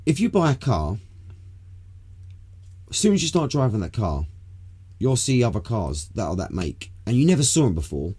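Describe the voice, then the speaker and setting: Husky, laid-back British guy rambling. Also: on the low side, dark tone. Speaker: podcast co-host. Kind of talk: casual chat on a live smoke session.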